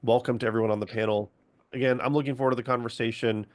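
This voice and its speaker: A man's voice: mid-range voice, fairly even intonation, rapid-fire. A man moderating a video-call webinar, giving upbeat scripted introductions with a few fillers.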